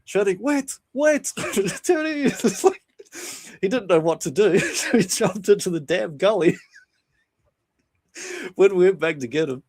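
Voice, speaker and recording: A man co-hosting a casual podcast, reading and retelling funny anecdotes from a book, laughing often and doing quick voices for quotes. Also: on the high side. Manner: laughs often while telling stories, animated voices for quotes. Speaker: podcast co-host.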